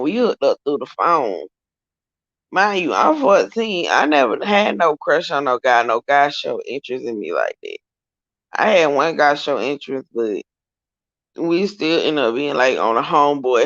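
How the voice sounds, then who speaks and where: Young woman, co-host, gravelly, rambling slangy storytime, dull lo-fi sound. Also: deep voice, no echo. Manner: rambling, slangy, keeps correcting herself. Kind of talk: casual storytime chat.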